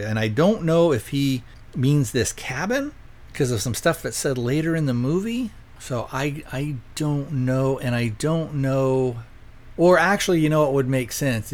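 A man hosting a podcast, casually retelling a movie plot in a rambling way, often stopping to correct himself. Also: mid-range voice. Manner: rambling, self-correcting, conversational. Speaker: podcast host reviewing a movie. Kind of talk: casual spoken plot recap.

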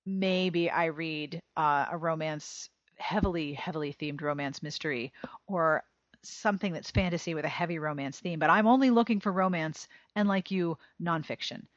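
A woman hosting a podcast, reading listener mail aloud in a casual, expressive way and swearing now and then. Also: low voice, moderate pace, no echo. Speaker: podcast host. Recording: dry, slightly dull lo-fi sound.

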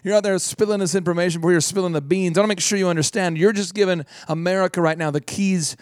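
A man's voice: high-pitched, steady tone, fast, dry recording. A man hosting a business radio talk show in a joking, teasing manner, recorded on a studio microphone. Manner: jokey, teasing, slips into silly voices.

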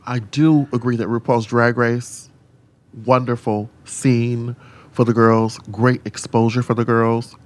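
A man who is a drag queen, talking frankly and sassily on a podcast and telling animated stories. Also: unhurried. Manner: animated storyteller, swings into high mimicking voices and whispers; sassy, frank, swears freely. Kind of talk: casual podcast chat.

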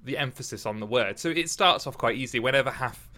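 Male co-host with a bright voice, thinking aloud in a casual literary chat. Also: medium pitch, animated. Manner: halting, restarts often, thinks aloud. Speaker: podcast co-host discussing poetry.

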